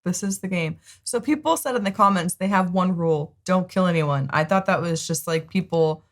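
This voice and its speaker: A woman's voice: fairly low pitch, normal speed. Giggly woman co-hosting a reaction. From United States. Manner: giggly, teasing. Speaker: reaction channel co-host. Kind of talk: casual reaction chat.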